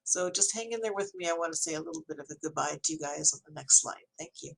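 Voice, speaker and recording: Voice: medium pitch, quick pace, creaky, a bit bright. An ESL teacher giving a recorded online lecture to students, talking in an encouraging way with frequent fillers.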